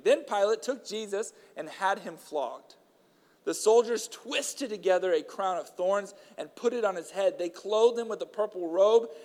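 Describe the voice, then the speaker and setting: A man with a fairly high voice delivers a sermon, talking casually and with some fillers before reading long passages aloud with strong emphasis. His voice carries a long reverberant tail, as if he is speaking in a large hall. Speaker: preacher.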